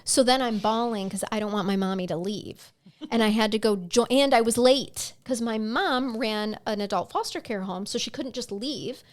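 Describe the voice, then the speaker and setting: A chatty woman in her forties co-hosts a podcast, spinning casual stories between frequent laughs. Her voice sits a touch high, and she talks into a podcast mic. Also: normal speed. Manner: chatty storyteller, laughs often. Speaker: podcast co-host. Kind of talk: casual chat.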